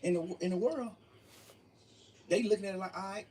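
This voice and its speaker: His voice is high-pitched yet warm and husky, moving at a moderate pace. The interview guest, a young man, relates his story with emphasis and profanity, frequently repeating phrases; the mic is distant and faint room noise can be heard.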